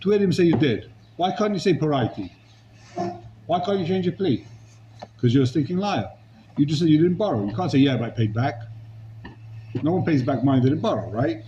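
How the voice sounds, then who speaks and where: A man's voice: on the high side, animated, a little fast, warm tone, muffled recording, a little hiss or hum. A man teaching a Talmud class, arguing a legal case with rhetorical questions and Hebrew and Aramaic terms.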